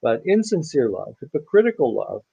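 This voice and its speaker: A male pastor giving a conversational sermon-style Bible teaching, full of pauses and restarts. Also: medium pitch, sing-song, gravelly, mellow, slightly rough, no room sound, dull audio. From United States. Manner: conversational, many fillers and restarts.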